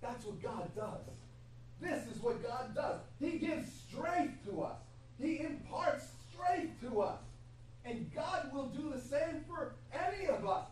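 A woman preaching a sermon in an animated, laughing way. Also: sits high, slow pace. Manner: animated, laughing, acts out God's voice. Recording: echoey hall from far off, faint hum.

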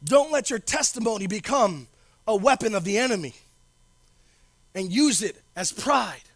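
A man with a strikingly high, bright voice preaches a sermon as a pastor, talking in a casual, slangy way. He hammers his points home by repeating phrases, swinging from loud declarations to low, quiet asides. The recording is dry and close. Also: lively intonation, normal speed, no room sound. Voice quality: informal slangy delivery.

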